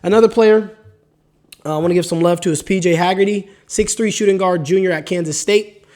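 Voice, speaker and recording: Hiccuping as he goes, a podcast host runs a solo basketball show, hyping players up in casual slang and rattling off their stats. His voice sits high, moves a little fast, and has a somewhat mellow quality.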